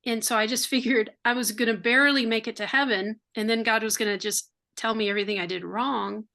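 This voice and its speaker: An older American woman sharing her faith testimony as an interview guest, earnest and heartfelt, sometimes rushing through words. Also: a little high, steady tone, creaky, pushed and bright. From United States. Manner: earnest and heartfelt, quick bursts.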